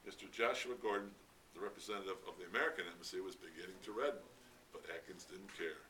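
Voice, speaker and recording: A man reading a novel aloud at a library event, steady with occasional stumbles. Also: sits low, fast talker. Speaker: reader at a library read-out. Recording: distant mic, faint background noise.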